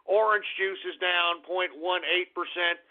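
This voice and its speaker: A man's voice: high voice, steady tone, unhurried. A male radio host giving a brash, profane, mocking monologue over a tinny phone-line stream. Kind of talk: irreverent call-in radio monologue.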